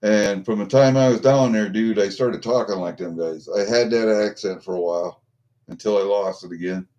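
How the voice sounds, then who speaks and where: A middle-aged man chats casually with viewers on a livestream, rambling, swearing, and restarting amid plenty of fillers. His lowish voice is warm, his speed normal, and the audio is dull.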